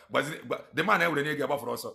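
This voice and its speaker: A man's voice: medium pitch, brisk, gravelly, pushed and bright. A man with a Nigerian accent giving mocking, emphatic commentary, switching between Igbo and English and repeating phrases for effect. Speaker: commentator reacting to a played recording.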